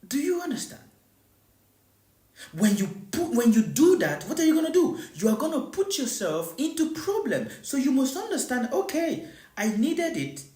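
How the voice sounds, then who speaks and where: Spiritual teacher preaching live, repeats stuff a lot, keeps asking do you understand, bouncy pitch, echoey room. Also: sing-song, normal speed, warm tone. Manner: repeats rhetorical questions to listeners; repetitive, emphatic preaching.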